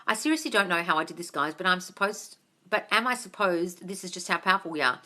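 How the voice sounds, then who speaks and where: A woman's voice: lowish voice, brisk, bright, forceful tone. An Australian woman hosting a live Q&A, reading viewers' comments aloud, calling them darling and swearing casually. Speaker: manifestation coach host.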